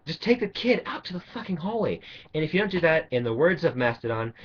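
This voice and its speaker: A man's voice: a little high, very animated, quick pace, slightly rough. A man delivering an angry, sarcastic, profanity-laced rant to camera, rambling with restarts. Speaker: vlogger. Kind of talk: ranting monologue. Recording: dull lo-fi recording.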